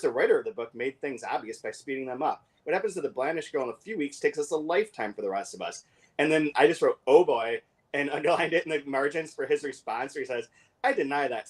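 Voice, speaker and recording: A man co-hosting a casual book discussion, talking with many fillers and restarts and reading passages aloud quickly. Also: medium pitch, animated, slightly rough. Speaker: podcast co-host.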